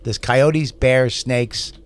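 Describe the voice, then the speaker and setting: A man's voice: medium pitch, drawn-out words, slight background noise. A middle-aged man co-hosting a radio show, easygoing and enthusiastic in casual chat. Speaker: co-host.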